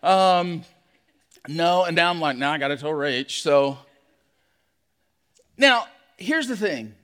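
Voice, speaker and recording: A man who is a pastor, telling a personal story in a sermon, animated and acting out his own shouts. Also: a little high, slow, smooth. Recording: long hall reverb.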